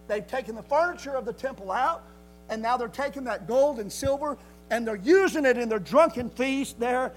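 A man preaching a sermon in a folksy, emphatic way, swinging from loud declarations to quiet asides. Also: very high voice, slight background noise, rough recording.

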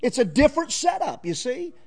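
High, lively-voiced man preaching fervently. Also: fairly quick. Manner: fervent, emphatic preaching with repeated phrases; folksy, conversational asides to the congregation. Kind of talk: sermon.

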